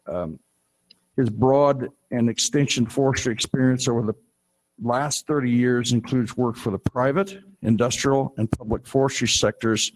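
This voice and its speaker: A man's voice: medium pitch, fairly even intonation, poor audio. Moderator guy reading an intro at a panel, plain middle voice, trips over a few words. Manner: reads aloud, slowing and stumbling on some phrases. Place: conference room.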